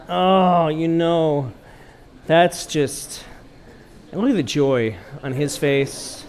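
A man's voice: a little high, extremely slow, some chatter behind. A middle-aged man preaching a sermon as pastor, telling stories playfully and acting out quotes. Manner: animated, playful storytelling with acted quotes.

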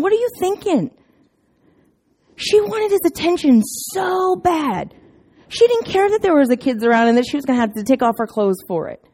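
A middle-aged woman giving a casual sermon, telling stories in a chatty, self-deprecating way with sudden loud bursts. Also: sits high. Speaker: preacher.

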